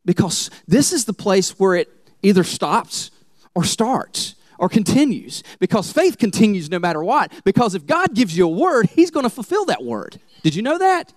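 A male pastor preaching a sermon in church, telling the story in an animated way and laughing often. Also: high-pitched, moderate pace, dry recording, clean studio sound.

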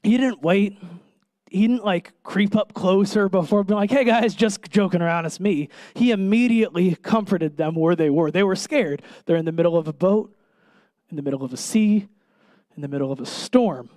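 A man preaching a sermon in an earnest, emphatic way, pausing and putting direct questions to his listeners. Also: high-pitched, a little mellow, no echo.

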